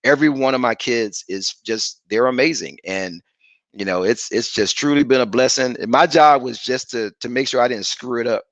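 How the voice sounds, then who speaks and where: A man in his forties, a guest father speaking earnestly and reflectively over a video call, pausing with fillers. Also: medium pitch, a bit bright, no room sound. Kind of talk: casual interview talk. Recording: dry, dull lo-fi call audio.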